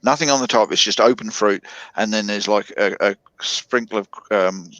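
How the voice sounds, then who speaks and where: A man's voice: lowish voice, a bit bright, dry recording. A man in his fifties with an Australian accent, rambling through a casual chat as a guest on a call, with lots of fillers. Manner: rambling, drawn-out storytelling with many fillers. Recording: dull lo-fi online call audio.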